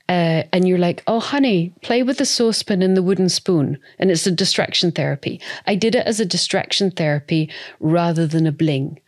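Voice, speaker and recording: Woman in her forties, expressive, chatty podcast guest, lowish voice. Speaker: guest entrepreneur. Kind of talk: conversational podcast interview.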